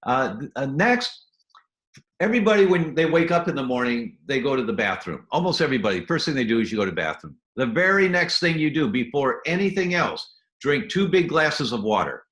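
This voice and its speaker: In a sing-song, medium-pitched voice with a fairly bright tone, a man talks fairly quickly in a roomy-sounding space. He's an enthusiastic guest doctor giving lively health advice step by step, slipping now and then into acted-out scenes voiced as quotes.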